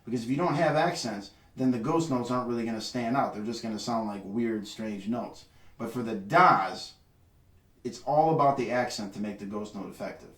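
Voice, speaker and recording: A man teaches trumpet technique, pausing to sing short syllables that mark the rhythm. His voice sits in the middle range and sounds roomy. He is recorded from a few steps back from the mic. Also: mid-range voice, fairly bright tone, far from the mic. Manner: sings syllables to demonstrate rhythm. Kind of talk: instructional video lesson.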